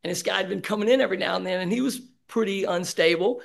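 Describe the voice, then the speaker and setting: A man speaking candidly at a recovery meeting, sharing his personal story with many halting fillers. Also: sits high, vocal fry. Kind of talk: personal testimony.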